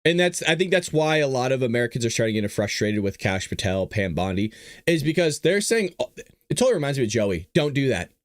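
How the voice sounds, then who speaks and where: A man hosting a show, giving sarcastic opinion commentary in an animated way. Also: mid-range voice, fast, dry recording, clean studio sound. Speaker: show host.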